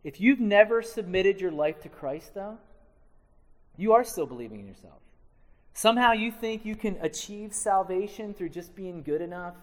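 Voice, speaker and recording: High-voiced preacher in a reverberant hall. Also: male voice, expressive, normal speed. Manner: emphatic, swings from loud to hushed. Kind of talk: sermon.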